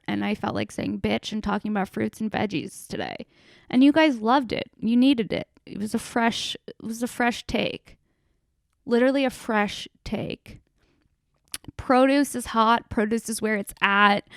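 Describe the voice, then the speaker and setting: A woman's voice: fairly high pitch, creaky, clean tone, dry recording, studio quality. Playful, rambling woman podcast host. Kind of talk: solo comedy podcast monologue.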